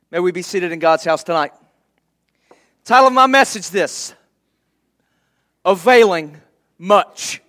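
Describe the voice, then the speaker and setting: A man's voice: high-pitched, unhurried, pauses often, pushed and bright. A man preaching a sermon to his church in a conversational way, laughing lightly now and then. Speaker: pastor.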